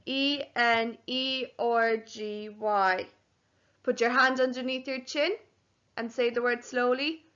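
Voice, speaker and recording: Woman, primary teacher, very slow, smooth clear voice, home phonics lesson. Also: fairly high pitch, fairly even intonation, fairly bright tone, lo-fi sound. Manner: slow, clearly sounding out letters and syllables.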